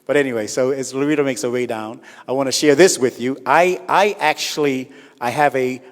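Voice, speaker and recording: A man's voice: mid-range voice, brisk. A man hosting an awards show as a comedian, chatty and teasing the crowd. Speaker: comedian and event host. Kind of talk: stand-up comedy and audience banter. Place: large hall at an awards event. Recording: reverberant hall.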